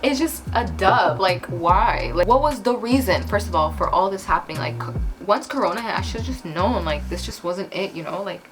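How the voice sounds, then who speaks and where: A young woman telling a casual storytime while doing her makeup, chatty and animated, with lots of "like". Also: medium pitch, normal speed. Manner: chatty, heavy use of "like", animated retelling. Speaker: vlogger. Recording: background music.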